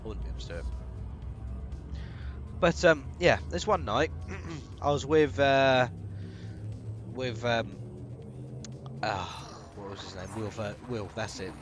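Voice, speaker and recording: A man's voice: medium pitch, a little slow, pauses often, music in the background. A British man streaming a game, telling a long, rambling story in a chatty way, with lots of fillers and little chuckles. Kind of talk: casual storytelling while gaming.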